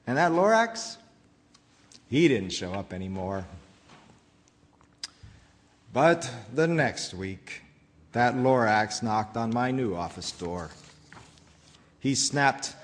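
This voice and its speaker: A man preaching a sermon, reading a rhyming storybook aloud in an expressive, rhythmic way. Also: mid-range voice, big-room sound. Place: church.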